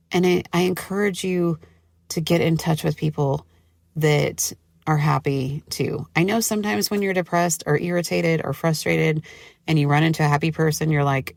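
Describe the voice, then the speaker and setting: A woman's voice: deep voice, unhurried, gravelly, dry recording, studio quality. A woman hosting her own podcast, talking casually in a chatty, gushing way with lots of fillers. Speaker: podcast host. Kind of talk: casual solo podcast talk.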